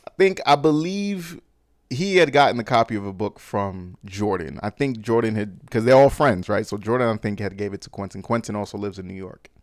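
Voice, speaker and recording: A man's voice: fairly low pitch, fairly quick, no room sound, studio quality. A man hosting a podcast, recapping a film in a loose, slangy way with lots of fillers and restarts. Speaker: podcast host. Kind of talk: casual movie recap.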